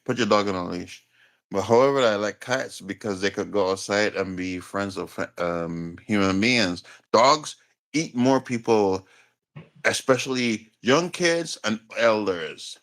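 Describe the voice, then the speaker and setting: A man's voice: on the low side, lively intonation, unhurried, fairly bright tone. A man in a heated online debate, answering in a rambling, defensive, profane way. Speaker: debate guest.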